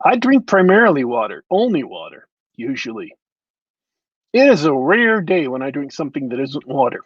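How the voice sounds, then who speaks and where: A man's voice: mid-range voice, sing-song, normal speed, husky, no echo, muffled recording. A man co-hosting a casual podcast chat, easygoing and musing as he talks. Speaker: podcast co-host.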